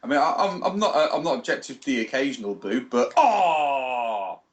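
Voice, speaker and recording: A man's voice: medium pitch, very animated, quick pace. Blunt, sweary male podcast co-host. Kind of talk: casual chat.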